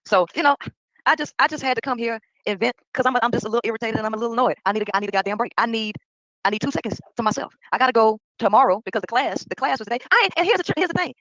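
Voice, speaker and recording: A woman's voice: a little high, racing, a bit bright, no echo, low-quality recording. A woman venting casually to her viewers in an exasperated, direct way. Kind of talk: casual rant.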